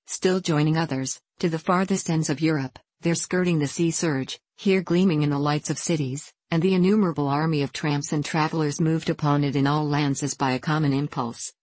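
A woman with a low voice reads a classic novel aloud at a measured, even pace. The recording is dry and close to the mic, with no room echo. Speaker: audiobook narrator. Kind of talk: scripted narration of a classic novel.

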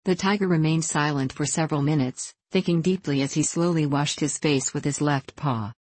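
A woman reading a storybook aloud in calm, measured audiobook narration. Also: low-pitched, dry recording. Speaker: reader.

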